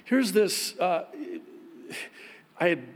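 A man preaching a sermon, telling everyday stories in a lively way and laughing at himself. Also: high voice, extremely slow. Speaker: pastor.

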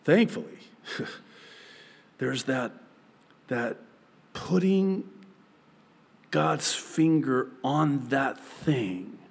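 Animated male pastor in a reverberant hall. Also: mid-range voice, very slow, vocal fry, long pauses, husky. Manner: animated storytelling, acting out voices. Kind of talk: sermon.

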